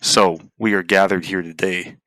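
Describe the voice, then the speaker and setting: A man on a podcast, presenting a topic from slides in a relaxed way. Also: deep voice, moderate pace, no room sound, low-quality recording. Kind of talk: casual chat, presenting a topic.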